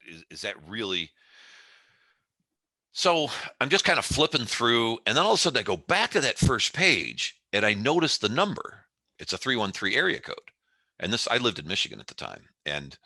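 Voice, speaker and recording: A man in his fifties tells a story as a guest on an interview podcast, acting out each step. His low voice is forceful and swings widely in pitch. The recording is close and dry. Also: dry recording. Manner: animated storyteller who acts out the scene. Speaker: guest CEO.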